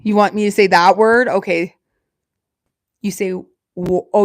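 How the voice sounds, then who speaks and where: A woman with a Southern Alabama accent chats with her livestream viewers in a self-deprecating way. She talks quickly and lets her words slur together. The sound is dry and close, with no room echo. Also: mid-range voice, fairly even intonation. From Alabama, USA. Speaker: livestream host. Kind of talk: casual live-stream chat with viewers.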